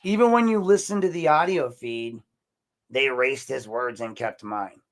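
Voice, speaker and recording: A man with a mid-pitched voice hosts a podcast. He gives emphatic commentary, often repeats himself and calls his listeners "folks". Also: moderate pace. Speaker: podcast host. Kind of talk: commentary on a council meeting.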